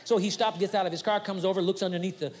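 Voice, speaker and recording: Preacher guy, high voice, folksy and animated, big arena echo on an old live tape. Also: very fast. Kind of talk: sermon. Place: large arena. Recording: 1980s live arena recording with long reverb.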